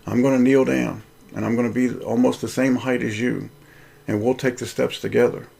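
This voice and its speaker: Man reading as a reassuring young father, gravelly, soft and gentle. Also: medium pitch, level tone, normal speed. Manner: gentle, soothing.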